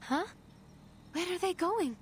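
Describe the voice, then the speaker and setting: A woman's voice: extremely high pitch, lively intonation, takes it slowly, noisy background, exaggerated voice. An actress playing a startled young woman who keeps asking what is happening, from a game. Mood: alarmed. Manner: alarmed, questioning. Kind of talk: game voice acting. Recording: game audio over loud music.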